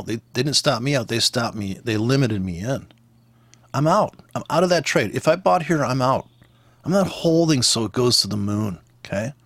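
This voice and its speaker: A man's voice: medium pitch, a bit bright, no echo. A man giving blunt, profane, exasperated trading commentary while walking through charts. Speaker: forex trader teaching.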